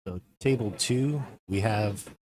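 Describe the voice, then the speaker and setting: A man's voice: on the low side, slow, a little mellow. A man co-commentating a pool match, answering with short bits of information. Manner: brief, answering player names. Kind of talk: live commentary.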